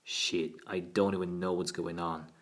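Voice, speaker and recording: A man's voice: low voice, lively intonation, unhurried, a bit bright. A man voicing a sullen, arrogant sixteen-year-old boy who answers curtly and with hostility. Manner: curt and hostile.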